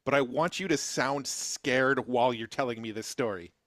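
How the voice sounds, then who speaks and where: A man in a casual tech video, playfully giving quick commands to a voice assistant. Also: mid-range voice, fairly bright tone, no echo, studio quality. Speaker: tech video creator testing an AI. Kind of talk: casual on-camera experimenting.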